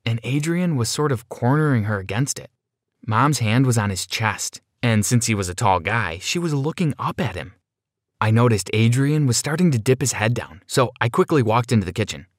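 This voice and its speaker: A man narrating a first-person story in a steady, plain storytelling manner. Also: mid-range voice, dry recording, clean studio sound.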